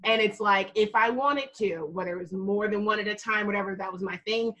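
A woman's voice: mid-range voice, brisk, a bit bright, poor audio. A woman co-hosting a casual podcast chat, telling candid stories and laughing often. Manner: candid, laughs a lot, storytelling.

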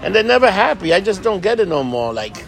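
A man's voice: high-pitched, sing-song, quick pace. A man in casual chat who exclaims, swears and repeats himself. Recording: crowd noise behind.

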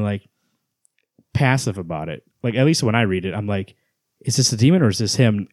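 A man talking in a casual podcast, lively and quick to act out what a character says, swearing freely. His voice sits fairly low and the sound is close and dry. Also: no room sound. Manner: animated, swearing, acts out quotes. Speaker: podcast co-host. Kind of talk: casual comic book chat.

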